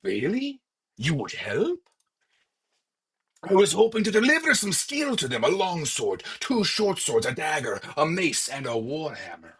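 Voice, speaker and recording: A man's voice: a little high, wildly swooping pitch, measured pace, a bit bright, husky, voice pushed up, heavily acted. A man voicing a male tavern patron from a video game, reading the dialogue aloud in a hammy put-on voice. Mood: theatrical. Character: theatrical male tavern patron backing rebels.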